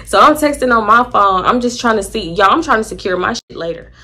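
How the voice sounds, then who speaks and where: A young woman casually telling a storytime to her viewers, animated and acting out what people said. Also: on the high side, fairly quick. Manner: animated, acts out quoted voices, addresses viewers as y'all.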